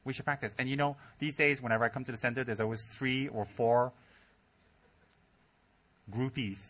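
A man giving a humorous Buddhist dharma talk to his students, telling stories and mimicking people in squealing voices. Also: moderate pace. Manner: animated storytelling, mimics students in high squeals. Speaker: Buddhist teacher. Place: teaching center hall.

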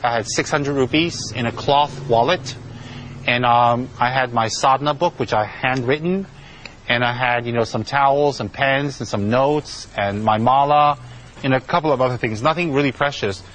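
Chatty monk telling a story. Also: male voice, medium pitch, fairly bright tone, a little hiss or hum, poor audio. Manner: chatty, repeats himself, many "you know" fillers. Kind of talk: spoken storytelling talk.

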